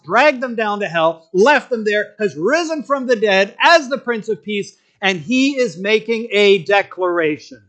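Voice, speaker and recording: Male preacher, high-pitched voice, animated sermon delivery with acted-out quotes. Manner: animated storytelling, acts out quotes in different voices.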